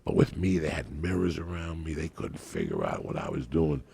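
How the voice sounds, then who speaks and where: A man's voice: extremely low pitch, sing-song, moderate pace, creaky, slight background noise. A man telling a raunchy story on a podcast in a brash, profane way. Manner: brash, profane, builds to laughing shouts.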